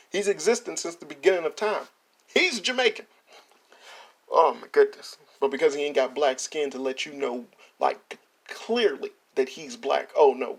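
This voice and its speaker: Male reaction host with a gravelly voice, exasperated and mocking, swears freely. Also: on the high side. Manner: exasperated, profane and mocking, with frequent laughs. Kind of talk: ranting reaction commentary.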